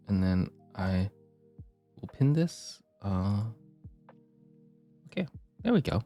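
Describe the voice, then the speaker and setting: A male streamer chatting casually and rambling with his viewers, his voice deep and gravelly from the morning, keyboard clicks on a desk mic. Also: big pitch swings, slow pace, long pauses, warm tone, soft background music. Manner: rambling, chatty, self-deprecating. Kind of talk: casual live-stream chat. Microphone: desk mic, keyboard clicks audible.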